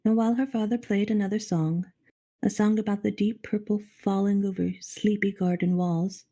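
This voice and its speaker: Woman reading a storybook aloud, mellow dark tone, expressive, middle-aged. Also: mid-range voice. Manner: expressive, addresses the reader directly, self-deprecating asides. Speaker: storybook reader on a charity stream. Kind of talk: reading a children's novel aloud.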